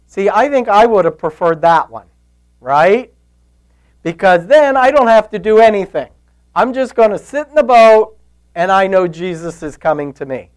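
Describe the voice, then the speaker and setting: A man's voice: high voice, lively intonation, moderate pace, poor audio. A man giving a conversational sermon as a Bible teacher, telling stories in a folksy way and often checking in with his listeners. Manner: storytelling, folksy, asks "right?" often.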